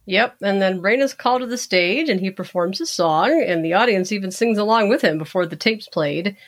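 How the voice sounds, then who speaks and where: A woman's voice: medium pitch, fairly quick. Easygoing woman recapping a cartoon. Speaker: podcast co-host. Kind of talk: casual episode recap.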